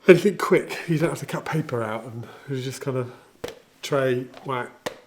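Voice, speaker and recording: A man's voice: mid-range voice, normal speed. A man, a home baker, chatting casually and jokingly as he demonstrates his favourite kitchen tools. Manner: chatty, jokey, enthusiastic. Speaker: home baker showing equipment.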